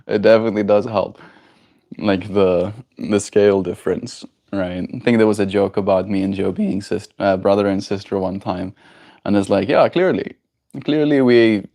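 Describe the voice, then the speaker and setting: A young man streaming live, chatting casually with his viewers and reading their messages with easy chuckles. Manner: slow, relaxed, reads chat aloud and chuckles; high, sing-song baby talk to his pet bird.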